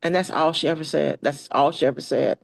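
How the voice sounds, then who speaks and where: A woman being interviewed, telling her life story in a relaxed way with many fillers. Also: low-pitched, brisk, creaky, dry recording, low-quality recording. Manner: relaxed, frequent fillers and restarts, reads poetry aloud. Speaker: interview guest. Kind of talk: personal storytelling in conversation.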